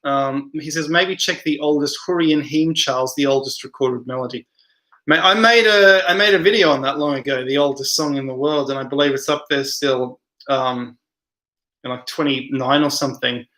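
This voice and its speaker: A man's voice: mid-range voice, fairly even intonation, moderate pace, pushed and bright. A man hosting a casual live stream, reading viewer comments aloud and rambling with many hesitations.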